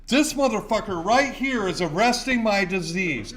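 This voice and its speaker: A man's voice: sits high, expressive, normal speed, a bit bright. A middle-aged man, sharing his recovery story at a meeting in an intense, profane, repetitive way. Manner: intense, profane, repeats himself. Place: recovery center meeting room.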